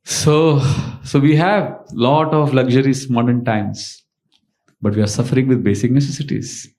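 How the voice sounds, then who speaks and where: A man's voice: mid-range voice, steady tone, normal speed, a little mellow. Man lecturing. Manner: storytelling, conversational lecturing with fillers. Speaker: monk and lecturer. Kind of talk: sermon.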